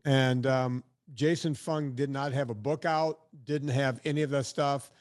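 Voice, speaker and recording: A man's voice: medium pitch, steady tone, measured pace. A man talking as a filmmaker and podcaster guest, telling stories in a chatty, blunt way with casual swearing. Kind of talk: casual storytelling interview.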